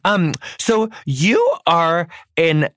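Effusive, animated male podcast host. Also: on the high side, extremely slow. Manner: effusive, chatty, playful slang. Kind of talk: casual interview chat and ad reads.

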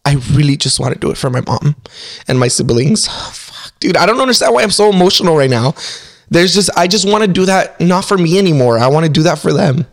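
A man's voice: a little high, lively intonation, fast. Profane, emotional young man. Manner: profane, emotional, laughs through pain. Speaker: podcast guest. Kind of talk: emotional casual podcast talk.

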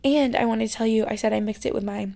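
A young woman in her twenties hosting a casual solo podcast from her bedroom, chatty, full of "like," sometimes dropping to a soft near-whisper. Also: a little high, steady tone, quick pace, vocal fry. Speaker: podcast host.

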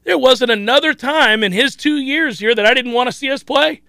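A man's voice: very high-pitched, normal speed, vocal fry, hardly any pauses, pushed and bright, clear, resonant tone, no echo. A man hosting a sports talk show, chatting animatedly about his team and often restarting his sentences. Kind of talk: casual sports talk commentary.

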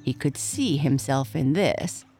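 Woman, low voice, slow, children's story narration, faint guitar behind. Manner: slow, gentle, addressing children.

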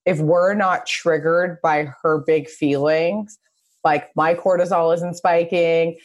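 Woman, podcast host, lowish voice, animated storytelling, casual. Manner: chatty, animated storytelling, quick asides.

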